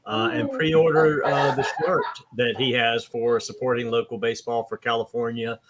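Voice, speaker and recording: A man co-hosting a casual sports show, giving an earnest, halting plug full of uhs. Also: mid-range voice, little pitch movement, heavy background noise. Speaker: podcast co-host.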